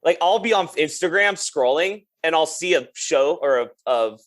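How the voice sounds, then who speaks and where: A man's voice: on the high side, lively intonation, normal speed. Laid-back young man telling stories. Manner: laid-back storyteller, lots of "like" and laughs, acts out quotes. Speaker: podcast guest, drummer. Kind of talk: casual interview chat.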